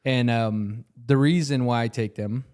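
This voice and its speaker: A man's voice: mid-range voice, unhurried, a little mellow, clear, resonant tone. Earnest young man telling a story. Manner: earnest storytelling, many fillers. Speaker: podcast co-host. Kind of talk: casual chat.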